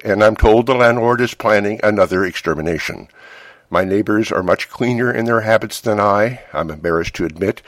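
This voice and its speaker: A middle-aged man narrating a first-person memoir in a calm, wry, measured way. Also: on the low side, no echo.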